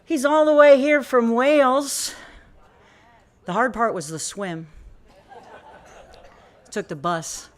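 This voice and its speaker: A woman hosting a small indoor music cafe, talking into a stage microphone. She introduces the evening in a loose, rambling way, with frequent laughter. Her voice sits slightly high. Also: slow, long pauses. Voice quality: chatty, rambling, laughing often. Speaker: venue host introducing a performer.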